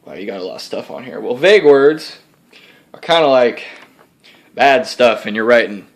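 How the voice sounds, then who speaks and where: A man's voice: medium pitch, lively intonation, moderate pace, close to an everyday voice. A man doing a slangy Texan bro alter ego. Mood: cocky. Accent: Texas. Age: young adult. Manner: slangy, drawling, lecturing with dude and bro. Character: laid-back young male Texan bro alter ego.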